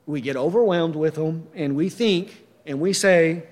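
High-pitched preacher guy, emphatic sermon, lots of questions, long hall reverb. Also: unhurried, hardly any pauses, darkish tone.

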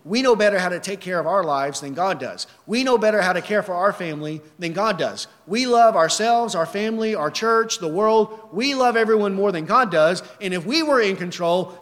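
High-voiced male preacher in a reverberant hall. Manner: preaching with rhetorical questions, emphatic swings in pitch and volume. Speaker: pastor. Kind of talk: sermon.

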